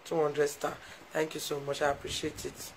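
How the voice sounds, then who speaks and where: A woman's voice: deep voice, completely flat delivery, normal speed, a little hiss or hum, rough recording. A woman with a Nigerian Pidgin English accent, chatting casually to viewers on a live stream, effusive and heartfelt as she thanks them often. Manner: emotional, heartfelt.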